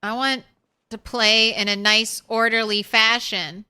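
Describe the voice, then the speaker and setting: A young woman chatting on a game stream in an unhurried way. Her voice is bright and smooth, a little higher than most. She rambles casually and coos at her cat. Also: level tone. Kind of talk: casual live-stream chat.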